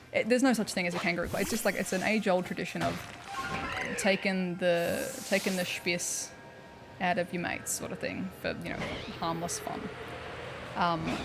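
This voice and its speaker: A woman's voice: lowish voice, flat delivery, a little fast, vocal fry, background noise. A young Australian woman livestreaming a video game, rambling casually and filling her talk with "like" and "um". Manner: chatty and rambling, heavy on "like" and "um". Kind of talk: casual chat while playing a video game.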